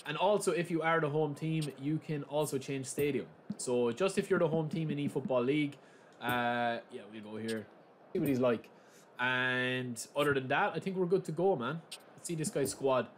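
A young man hosting a gaming channel, talking casually through a live match and breaking into loud, excited shouts. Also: on the high side, moderate pace. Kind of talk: live gameplay commentary. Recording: steady background noise.

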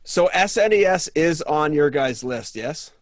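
A man's voice: on the high side, expressive, a little slow, faint music behind. A man co-hosting a podcast, musing and hesitant as he chats. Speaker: podcast co-host. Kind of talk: casual chat.

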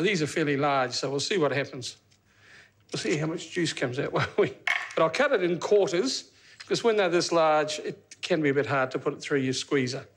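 A man hosting a cooking show in a studio kitchen, chatting casually and joking with the crew as he cooks. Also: fairly high pitch. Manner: chatty, jokey, talks to the crew while cooking.

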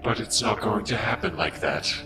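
A man playing a smug, scheming male villain in a Minecraft roleplay, taunting and drawn-out. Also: lowish voice, music in the background, natural voice.

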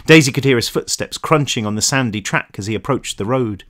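A man, the author, narrating his own novel aloud in an expressive storytelling manner. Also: mid-range voice, brisk. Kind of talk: audiobook narration.

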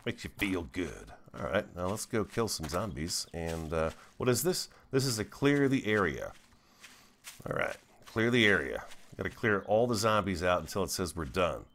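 Deep-voiced man chatting through gameplay. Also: animated, moderate pace, fairly bright tone, slight background noise. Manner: chatty, talks to viewers while playing. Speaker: gaming video host. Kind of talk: let's play commentary.

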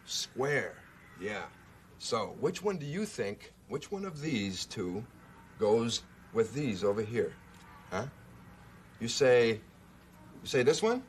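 A man presenting a children's show, patiently teaching a young viewer and asking questions. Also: medium pitch. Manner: patient, coaxing, asks questions.

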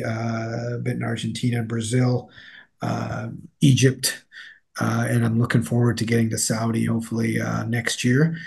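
A man's voice: medium pitch, creaky, warm tone, breathy edge. A man in an interview, speaking as a newsletter editor in a rambling way, with many fillers and restarts. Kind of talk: casual interview talk.

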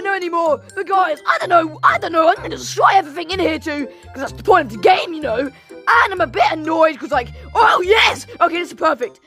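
A woman host giving goofy, shouty Let's Play commentary while playing a game. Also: very high-pitched. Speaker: gaming channel host.

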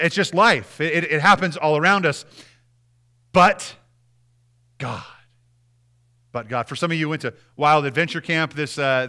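A male pastor delivers a sermon from the pulpit in a church with a bright, fairly high voice. He talks conversationally, checking in with the congregation through quick questions. He then swings between hushed low phrases and lifted, louder ones for emphasis. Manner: dramatic shifts in pitch and volume for emphasis. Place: church sanctuary.

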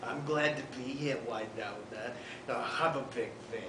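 A man's voice: medium pitch, moderate pace, close to an everyday voice. A man playing a fond, folksy older mother in a distant, roomy, noisy student video.

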